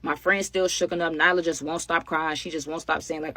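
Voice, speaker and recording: A young woman telling a story in casual, animated talk, speaking straight to her viewers. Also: low voice, fairly quick, dry recording. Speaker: storytime vlogger.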